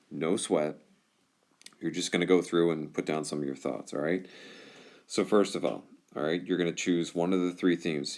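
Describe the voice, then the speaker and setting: A man's voice: low voice, darkish tone. A male teacher explaining test directions to his class, informal and reassuring, often checking in with "all right?". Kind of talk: explaining test directions over a whiteboard screencast.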